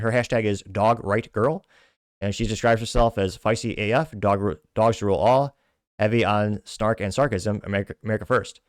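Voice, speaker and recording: A man's voice: on the low side, no echo, studio quality. A man hosting a podcast, casually reading social media comments aloud in a stumbling, self-deprecating way with frequent restarts. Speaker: podcast host.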